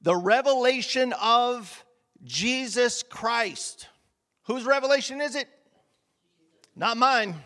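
A man's voice: on the high side, creaky, bright, forceful tone, big-room sound. A man preaching a sermon in a church, emphatic, with many rhetorical questions and repetitions.

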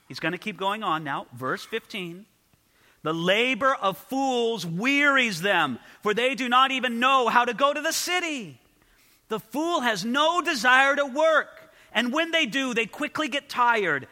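A man preaches through a passage of scripture in an earnest, questioning way, turning often to ask the listeners directly. His voice sits high and sounds bright. It carries a long reverb, as if heard in a large hall. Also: expressive, measured pace. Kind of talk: expository sermon.

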